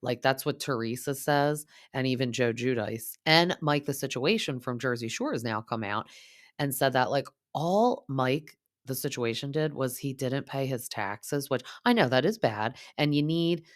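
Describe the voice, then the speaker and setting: A young woman hosting a podcast, recapping reality TV in a chatty, gossipy way and quoting the cast in quick impressions. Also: very deep voice, lively intonation. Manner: chatty, gossipy, lots of "like", mimics cast members. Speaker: podcast host.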